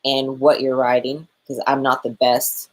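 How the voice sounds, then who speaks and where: A woman's voice: rumbling low, level tone, a little slow. A woman in her forties co-hosting a casual livestream, chatty and giving step-by-step instructions. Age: 40s. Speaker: co-host of a motorcycle channel livestream.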